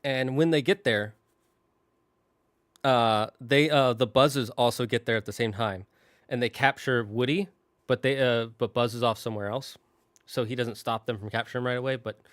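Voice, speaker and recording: A man's voice: medium pitch, fairly even intonation, normal speed, fairly bright tone, no echo. Dry-voiced man rambling through a recap. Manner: rambling, self-correcting storyteller; emotional, tearing up. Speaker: gaming channel host. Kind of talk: casual plot recap.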